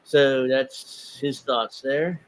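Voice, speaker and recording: A man's voice: medium pitch, fairly even intonation, extremely slow. A man hosting a casual political talk show, reading posts aloud in a mocking tone and commenting sarcastically. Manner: sarcastic, reads tweets aloud in mocking voices. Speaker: podcast host.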